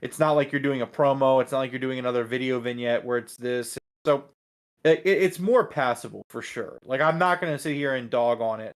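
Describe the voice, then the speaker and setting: Man, podcast co-host, casual chat, mid pitch, thinking aloud with repeated words. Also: fairly quick.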